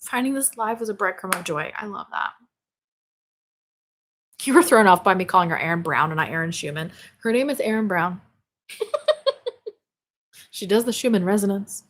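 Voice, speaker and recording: A woman's voice: mid-range voice, animated, brisk, a bit bright, a little hiss or hum. Bubbly woman hosting a live stream. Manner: bubbly, exclamatory, laughs often and swears casually. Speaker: spirituality livestream host. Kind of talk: casual live-stream chat reading viewer comments. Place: home office.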